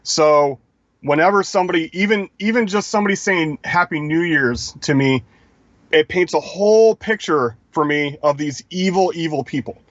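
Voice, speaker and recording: A man's voice: fairly high pitch, moderate pace, fairly bright tone, no room sound, lo-fi sound. A man co-hosting a live stream, lecturing emphatically in casual talk. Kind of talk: casual talk-show commentary.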